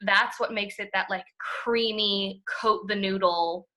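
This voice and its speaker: Bright-voiced, chatty young woman. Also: mid-range voice, steady tone, slow pace. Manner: enthusiastic, chatty, many fillers, swears. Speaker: podcast co-host. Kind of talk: casual chat.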